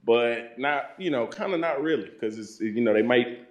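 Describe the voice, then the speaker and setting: A male stand-up comedian, a guest, talking about his comedy in a halting casual way. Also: medium pitch, lively intonation, echoey room. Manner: halting, with many fillers. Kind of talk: casual chat.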